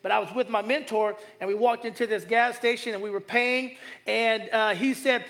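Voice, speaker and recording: A man preaching a sermon in a conversational, joking way, stretching key phrases slowly for emphasis. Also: very high voice, creaky, fairly bright tone. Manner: conversational, joking asides with the congregation. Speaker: pastor.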